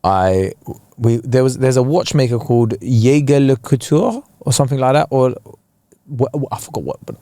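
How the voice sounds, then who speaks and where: A young man, co-hosting a casual podcast and telling animated stories, putting on voices for the people he quotes. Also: mid-range voice, normal speed, dry recording. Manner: animated storyteller, slips into impressions. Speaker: podcast co-host. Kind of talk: casual chat.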